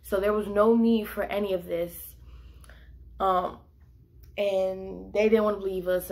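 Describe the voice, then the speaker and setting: A woman's voice: medium pitch, a little slow, pauses often. A young woman vlogging a casual storytime, talking animatedly with lots of filler words and quoting herself. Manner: animated, quotes herself in bursts; heavy use of "like" fillers.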